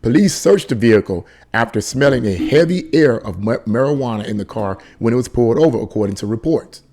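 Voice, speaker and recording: A man's voice: medium pitch, mellow. A man reading a news article aloud and breaking off into indignant commentary. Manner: indignant, exclaims and laughs in disbelief. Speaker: commentary channel host.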